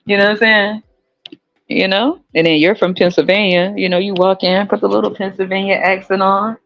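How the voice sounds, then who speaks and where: A podcast host from the US West Coast in a casual monologue, animated and profane, laughing often and jumping up in pitch. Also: a little fast. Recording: slightly muffled, faint music.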